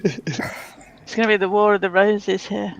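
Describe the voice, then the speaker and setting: A woman's voice: medium pitch, steady tone, unhurried, vocal fry, dry recording, lo-fi sound. A woman with a Yorkshire accent chatting on a livestream call with dry teasing remarks. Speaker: guest. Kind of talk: casual livestream chat.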